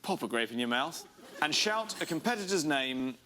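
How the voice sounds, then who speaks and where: A man's voice: on the high side, expressive, moderate pace, bright, forceful tone, a little hiss or hum. A man on a game show, speaking with exasperated banter.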